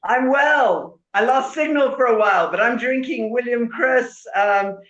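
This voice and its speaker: A woman's voice: on the high side, measured pace, a bit bright. A British woman from a winery's tasting room chatting cheerfully over a video call. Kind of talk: casual chat on a video call. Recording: dull lo-fi call audio in an echoey room.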